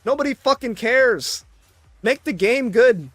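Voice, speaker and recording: A man's voice: very high-pitched, expressive, unhurried, fairly bright tone, dry recording, soft background music. A man ranting in casual chat, exasperated and swearing constantly.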